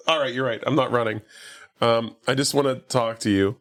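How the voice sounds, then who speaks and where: A podcast co-host with a mid-range voice and steady tone casually recaps a movie at a fairly quick pace. He rambles, fills his talk with "like" and other fillers, and acts out the characters' lines.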